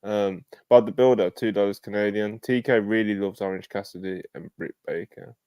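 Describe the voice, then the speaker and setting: Laid-back podcast co-host, man, low voice, mumbly, dry close mic. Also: fairly even intonation, normal speed, clear, resonant tone, dry recording, lo-fi sound. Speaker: podcast co-host reading viewer messages. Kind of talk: casual chat.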